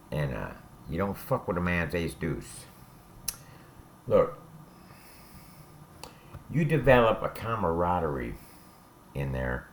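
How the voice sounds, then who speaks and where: Low-pitched and recorded with a little hiss or hum, a man who did time tells prison stories in a plain, foul-mouthed, conversational way. He frequently checks with his listener by asking "all right?"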